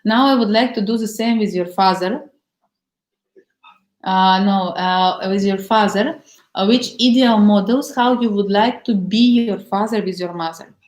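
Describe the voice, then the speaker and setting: A woman's voice: medium pitch, unhurried, darkish tone. Earnest woman coaching in broken English. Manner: non-native English with simple grammar, anecdotal and earnest. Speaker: relationship coach. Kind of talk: coaching session with guided exercise. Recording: roomy echo.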